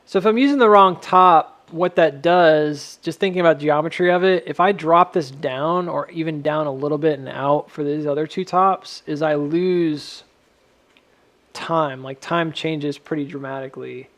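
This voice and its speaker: A man's voice: fairly high pitch, moderate pace, fairly bright tone. A man giving casual, rambling, self-mocking commentary while drawing lines on stock charts.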